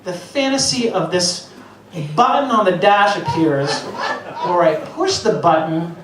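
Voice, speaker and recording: A man's voice: high-pitched, a little slow, background noise. Middle-aged man doing profane stand-up. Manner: profane, self-mocking storytelling. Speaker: stand-up comedian. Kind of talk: stand-up routine. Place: stage before a live audience. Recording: echoey venue, voice heard from a distance, loud ambience.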